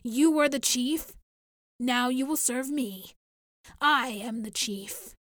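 A woman's voice: high-pitched, slow pace, a bit bright, no room sound, clean studio sound. A woman voicing a cold, domineering male dictator who barks orders. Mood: commanding.

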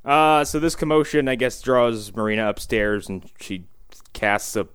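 Wry podcast co-host, smooth, resonant voice, dry jokes. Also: male voice, medium pitch, normal speed, a bit bright, dry recording. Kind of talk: casual chat.

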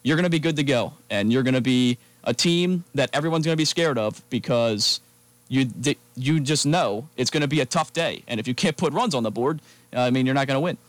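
Emphatic sports radio co-host. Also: male voice, mid-range voice, brisk, no echo. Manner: energetic, emphatic opinions. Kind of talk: casual sports talk radio.

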